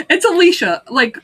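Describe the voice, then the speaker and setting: A woman's voice: very high voice, fairly bright tone. A woman co-hosting a podcast who laughs often, swears and acts out quotes while recapping an episode on a video call. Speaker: podcast co-host. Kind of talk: casual recap chat.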